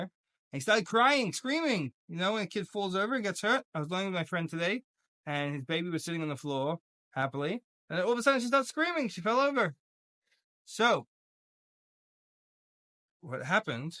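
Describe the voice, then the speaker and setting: A man teaching a casual religious lesson, with lots of jokes and stories acted out in voices. His voice is fairly high and swings widely. The sound is dry and close. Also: no room sound. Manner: animated, jokey, acts out voices. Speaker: Torah teacher.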